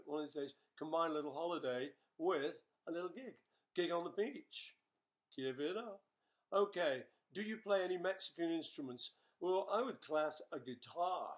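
Playful older man reading fan questions. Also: fairly high pitch. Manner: playful, chatty, reads questions aloud. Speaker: host answering fan questions. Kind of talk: casual live webchat.

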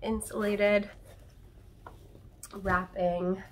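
A woman's voice: medium pitch, extremely slow. A woman vlogging in her bedroom, talking chattily to viewers while her throat is scratchy and tickly from a cold. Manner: chatty and excitable, addressing viewers directly. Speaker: plant channel host. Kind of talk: casual unboxing vlog.

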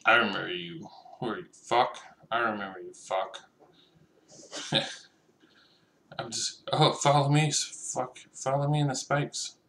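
A man's voice: medium pitch, fairly even intonation, unhurried, long pauses, bright, forceful tone, roomy sound, a little hiss or hum. Joking, profane young man commenting on a game. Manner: joking, profane, talks to other players as he plays. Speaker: gameplay commentator. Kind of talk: casual gameplay commentary.

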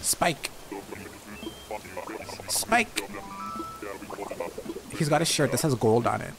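A man's voice: fairly high pitch, big pitch swings, extremely slow, vocal fry. A man giving playful, chatty commentary while streaming a game, talking back to the characters on screen. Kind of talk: casual gameplay commentary. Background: game music.

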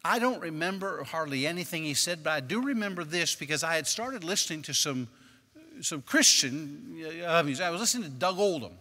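A man preaching a sermon as a personal story, moving between quiet recollection and loud, emphatic bursts. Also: on the high side, expressive, fairly quick, long reverb tail. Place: church sanctuary.

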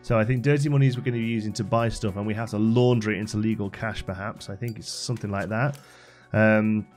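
A man's voice: fairly low pitch, fairly even intonation, quick pace, a little mellow, soft background music. A man hosting a game channel, giving chatty playthrough commentary and thinking aloud as he plays.

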